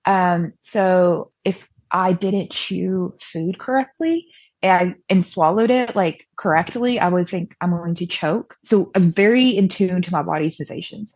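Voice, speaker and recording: A woman's voice: fairly low pitch, unhurried, a little mellow, no echo, muffled recording. A young woman guest telling her story in a casual, chatty way, full of fillers and quoted voices from her past. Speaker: podcast guest.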